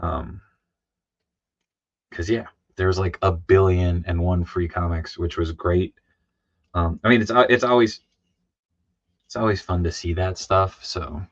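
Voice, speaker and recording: A tired comic artist streaming live chats in a low, steady voice, unhurried and pausing often. He rambles with many fillers and restarts and reads chat messages aloud, in a dry, dull lo-fi recording.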